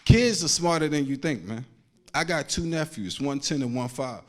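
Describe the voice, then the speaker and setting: A man's voice: fairly high pitch, expressive, moderate pace, noisy background. A man doing a stand-up comedy set, telling loose slangy stories and acting out the people in them. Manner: loose slangy storytelling, acts out quotes.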